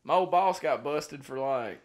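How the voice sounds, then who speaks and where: A man with a slightly raised pitch speaks in relaxed podcast banter. He chimes in briefly and casually while his friend tells a story. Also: a little slow. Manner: brief reactions and laughter, laid-back. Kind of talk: casual chat.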